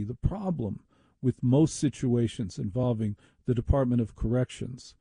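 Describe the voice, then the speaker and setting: Radio host guy ranting into a studio mic, husky raspy voice, super dry sound, sarcastic and opinionated. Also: medium pitch, warm tone, no echo. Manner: opinionated, indignant and sardonic. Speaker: radio talk show host. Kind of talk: talk radio monologue.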